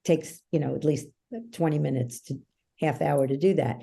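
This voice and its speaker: A woman with a mellow, warm tone speaks as a guest coach on a podcast. She tells stories in an animated, emphatic way. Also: sits low, moderate pace, vocal fry, husky. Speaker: guest, belief-change coach. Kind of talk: conversational interview.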